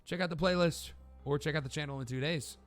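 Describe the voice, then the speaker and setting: A man's voice: fairly high pitch, fast, soft background music. A man hosting a let's play, thinking aloud as he plays a deck-building card game. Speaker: gaming channel host.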